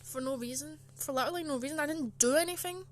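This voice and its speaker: A young woman telling a story straight to camera in a chatty, aggrieved way, her sentences loaded with fillers. Her voice sits a little high for a woman. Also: quick pace, a little hiss or hum. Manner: chatty and indignant, full of "like" fillers. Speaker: channel host. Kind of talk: casual storytime.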